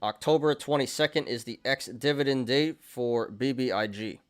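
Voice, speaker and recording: A man's voice: medium pitch, moderate pace, clean tone. A young man hosting a market show, chatting casually through charts, often laughing and restarting his sentences. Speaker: stock and crypto show host.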